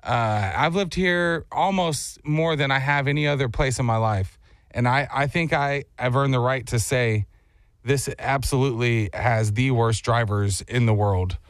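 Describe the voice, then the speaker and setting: A man's voice: medium pitch, a little slow, clear, resonant tone, no room sound, clean studio sound. A man hosting a show in casual chat, telling stories and acting out the voices in them. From Texas. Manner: animated storyteller, acts out quotes. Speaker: radio show host.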